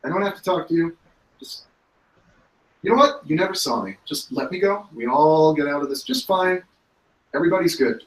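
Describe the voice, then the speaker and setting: A man's voice: on the high side, lively intonation, moderate pace, pauses often, natural voice. A man playing a jumpy, evasive captive. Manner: defensive, stammering, brushes off questions. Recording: roomy, distant mic.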